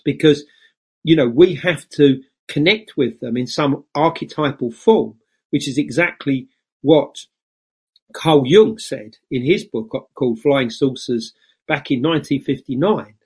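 Husky-voiced man musing as a guest. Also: on the high side, lively intonation, a little slow. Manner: thoughtful, speculative, many ums. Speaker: guest author. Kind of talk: casual interview talk.

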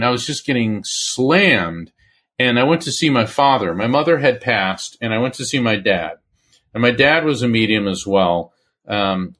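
A middle-aged man talks through his stories in a lively way, acting out the people he quotes. His voice sits in an ordinary middle pitch. He speaks as a guest in a relaxed interview. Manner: animated storyteller who acts out quoted voices. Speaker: medium and former attorney, guest. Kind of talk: conversational interview storytelling.

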